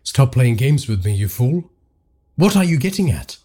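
A middle-aged father calls out with urgent force, voiced by a male narrator close to his own voice. The tone is husky and darkly mellow, rising and falling with lively strain. It belongs to a spoken horror story. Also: medium pitch, moderate pace. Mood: angry. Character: grieving middle-aged father, anxious and angry. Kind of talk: audiobook horror reading.

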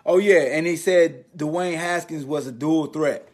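A man hosting a sports podcast, riffing in an animated, slangy, mocking way. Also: fairly high pitch, measured pace. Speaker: podcast host. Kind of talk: casual sports commentary monologue.

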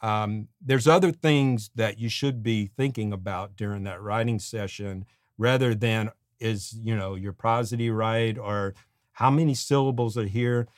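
A middle-aged man co-hosting a songwriting show, giving casual advice in an animated way and humming melody bits as he talks. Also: on the low side, measured pace, no echo, studio quality. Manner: animated, sings melody fragments, acts out quotes. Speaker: podcast co-host and songwriting teacher.

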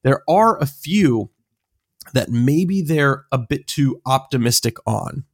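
A man's voice: mid-range voice, lively intonation, takes it slowly, no room sound, clean studio sound. Rambling, laughing podcast co-host, man. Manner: rambling with fillers, laughs easily. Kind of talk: casual podcast chat.

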